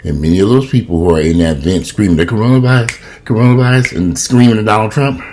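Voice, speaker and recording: A man's voice: low voice, lively intonation, fast talker, dark tone, a little hiss or hum. A man in his fifties ranting profanely and animatedly in a casual home vlog, filming himself on a camera in his kitchen. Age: 50s. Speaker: vlogger.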